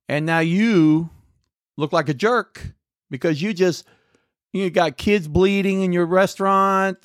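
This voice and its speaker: A man with a fairly high voice talks through a casual political monologue, rambling and sarcastic and often correcting himself mid-sentence. The sound is dry and close to the mic. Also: no echo. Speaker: podcast host.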